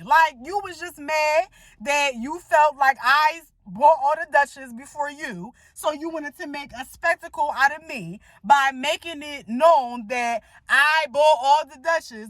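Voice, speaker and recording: A woman's voice: sits high, dry recording. A grown woman telling a heated storytime rant, emphatic and full of profanity. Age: adult. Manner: emphatic, profane, animated retelling. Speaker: vlogger.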